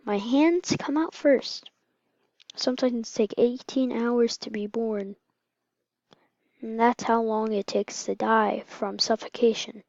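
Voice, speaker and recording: A woman reading aloud and explaining game lore, halting and often dropping into a whisper. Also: medium pitch, creaky, dry recording, lo-fi sound. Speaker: video narrator.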